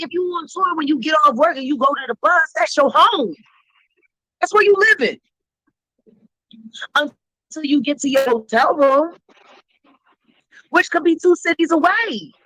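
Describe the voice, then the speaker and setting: A woman with a high, bright voice tells a story in blunt, emphatic speech full of cursing. The sound is close and dry, with no room around it. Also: no echo, poor audio. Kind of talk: profane storytelling.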